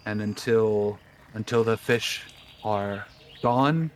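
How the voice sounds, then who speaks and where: A man voicing an ancient, solemn male frog chieftain in a measured, grave manner. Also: on the low side, slight background noise.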